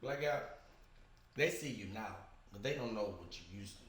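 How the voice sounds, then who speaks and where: Animated storytelling male host, lively pitch, echoey room with clear background noise. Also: moderate pace. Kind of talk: casual chat.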